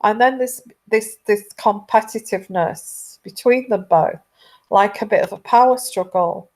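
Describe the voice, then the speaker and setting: Slow-talking tarot reader. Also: female voice, mid-range voice, a little mellow. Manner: rambling, halting, many restarts. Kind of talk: casual intuitive reading chat.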